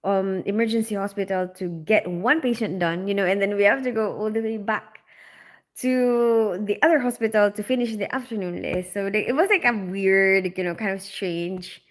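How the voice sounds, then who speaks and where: A young adult woman who grew up in the Philippines, hosting a casual livestream and chatting quickly with many fillers and laughs while reading out comments. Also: medium pitch. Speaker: livestream host, operating room nurse.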